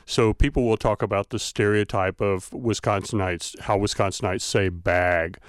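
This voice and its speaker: A man's voice: fairly low pitch, fairly even intonation, moderate pace, smooth, dry recording, clean studio sound. A man with a Southern US accent, a linguistics professor explaining ideas thoughtfully in a radio interview, with many uh fillers. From American South.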